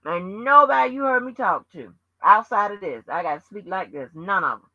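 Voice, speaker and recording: A woman on her channel, scolding and cussing through a heated rant. Her voice is piercingly bright and tense. The sound is dull and lo-fi, very dry and close. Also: mid-range voice, lively intonation, normal speed, no echo. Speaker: channel host. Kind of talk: profane livestream rant.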